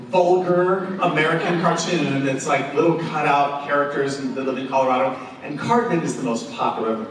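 A man leading an a cappella workshop, joking as he teaches and demonstrating vocal sounds. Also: fairly high pitch. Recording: distant mic in an echoey room with room noise.

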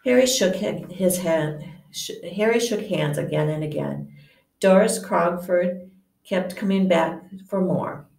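A woman reading a novel aloud to listeners, unhurried, often stumbling and correcting herself, and acting out a stammering character. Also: on the low side, vocal fry, a little mellow, roomy sound, far from the mic. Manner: unhurried, stumbling over words and self-correcting; acts out a stammer for the nervous professor.

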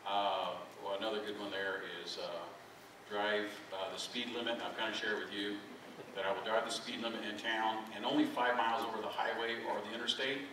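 A man's voice: on the low side, little pitch movement, brisk. A middle-aged man, a pastor giving a folksy, self-deprecating sermon and joking with his congregation. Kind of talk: conversational sermon. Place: church sanctuary. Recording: very echoey hall, mic from far off, background noise.

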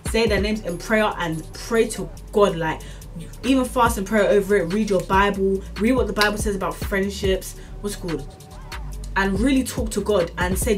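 A woman's voice: mid-range voice, distant mic. A young woman, ranting casually to camera with lots of fillers and earnest, preachy encouragement. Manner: rambling, repeats itself, many fillers like "like" and "as in". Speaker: vlogger.

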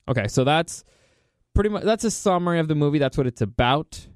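A man hosting a casual spoken movie review. He is excitable and repeats himself for emphasis. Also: on the high side, fairly quick, clean tone, no room sound, studio quality.

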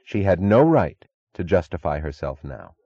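A man narrating an audiobook in a measured, even reading. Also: deep voice, no room sound, muffled recording. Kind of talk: scripted narration.

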